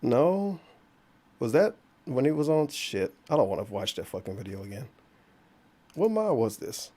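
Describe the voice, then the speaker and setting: A man's voice: medium pitch, big pitch swings, normal speed, warm tone. A young man making sarcastic, mocking remarks while he reacts to an old stream. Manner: sarcastic, mocking, with laughs and swearing. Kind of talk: casual reaction commentary.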